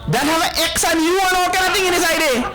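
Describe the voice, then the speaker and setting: A man with a Trinidadian accent giving a spiritual discourse to a live audience, animated and often quizzing his listeners. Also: extremely high pitch, fast, slight background noise, poor audio. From Trinidad and Tobago. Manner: animated, questioning listeners, playful asides. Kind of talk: lively lecture on scripture.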